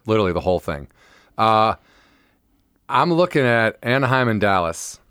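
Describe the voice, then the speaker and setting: A man co-hosting a casual podcast, rambling excitedly about sports and now and then bursting into loud impressions. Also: lowish voice, normal speed, clean tone, dry recording, clean studio sound. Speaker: podcast co-host. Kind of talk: casual chat.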